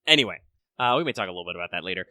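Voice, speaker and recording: Bright-voiced rambling man host. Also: low voice, lively intonation, very fast, dry recording. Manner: rambling, lots of fillers. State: a bit under the weather. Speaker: podcast host. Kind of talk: casual chat.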